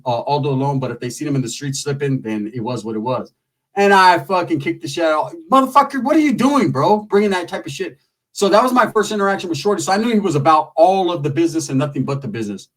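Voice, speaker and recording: A man's voice: on the high side, recorded from a distance. A man telling a profane, comedic street story in loose slang, acting out the people in it. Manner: loose street slang, animated with lots of acted quotes.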